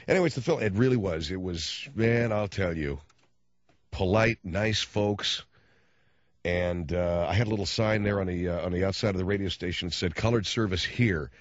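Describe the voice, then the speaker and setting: A man's voice: deep voice, no echo. A man talking as a radio host, telling rambling stories in slangy casual chat. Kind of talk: casual storytelling monologue. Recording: dull dry radio studio sound.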